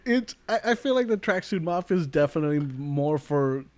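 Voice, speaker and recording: A man with a slightly higher-pitched voice, co-hosting a podcast in relaxed chat. He speaks in a dry, matter-of-fact way and teases his co-host. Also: fairly quick. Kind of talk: casual chat.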